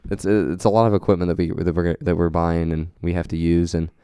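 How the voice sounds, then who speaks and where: A man's voice: low voice, steady tone, brisk, dark tone, clear, resonant tone, no room sound. A young man co-hosting a podcast in casual chat, talking earnestly and rambling a little about goals and motivation. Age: young adult. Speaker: podcast co-host.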